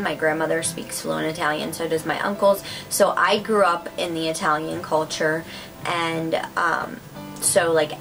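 Vlogger woman, lowish voice, gushy and chatty haul talk, soft music underneath. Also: creaky, poor audio. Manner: chatty and gushing, many "like" and "um" fillers. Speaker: craft vlogger. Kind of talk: casual haul chat to camera.

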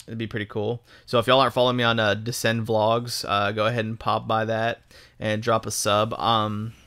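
A man's voice: on the low side, little pitch movement, moderate pace, pushed and bright, clean tone. A young man from Texas talking in a casual, rambling way over gameplay as a gaming YouTuber, swearing often and filling gaps with ums and restarts.

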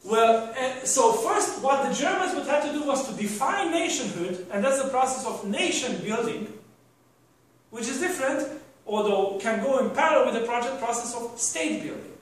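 A man's voice: very high voice, expressive, moderate pace. Male lecturer, rambling with rhetorical questions; very echoey hall recording, distant mic. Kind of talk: university lecture.

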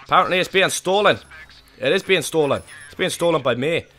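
Male game host, excitable, yells then mutters, bright voice. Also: fairly high pitch, fairly quick. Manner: excitable, swings from muttering to yelling. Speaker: gaming channel host. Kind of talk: co-op gameplay commentary.

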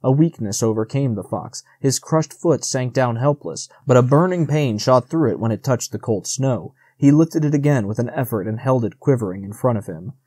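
A man narrating a classic novel as an audiobook, steady and measured at a middling pitch. The recording is dry and close-miked, with no room sound. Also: breathy edge, dry recording.

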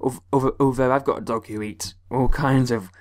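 A young man from the West Country of England commentating a let's play in a mid-pitched voice. He talks excitedly, yelping and grumbling at the game as he plays. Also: brisk, crowd noise. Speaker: gaming video host.

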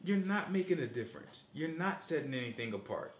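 Animated man preaching in an echoey room. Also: fairly high pitch, brisk, a little hiss or hum. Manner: animated, asks the group questions, repeats "you know what I'm saying". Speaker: teacher leading a Sabbath study. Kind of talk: casual preaching to a small group.

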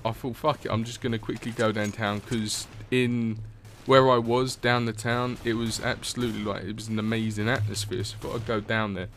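A man's voice: fairly low pitch, level tone, a little fast, fairly bright tone, slight background noise. A young man, chatting casually over gameplay in a rambling, swear-heavy way. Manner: rambling, swears often, laughs at own stories. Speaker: gaming commentator.

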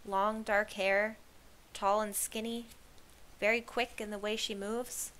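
A woman voicing a brusque older female shepherd in a storybook reading, loud and commanding. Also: medium pitch, level tone, slow pace, a little hiss or hum. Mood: matter-of-fact.

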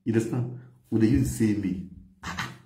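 A middle-aged male vlogger tells a story to camera in Nigerian Pidgin English, animated and casual, with quoted dialogue and frequent laughter. His voice is fairly low and mellow, he talks fast, and the sound is roomy with slight background noise.

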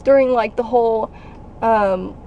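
A young woman chatting excitedly about a film in a parked car. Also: a little high, unhurried, dull audio, a crowd in the background. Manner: gushing, bursts into loud acted quotes. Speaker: vlogger. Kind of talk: excited casual chat.

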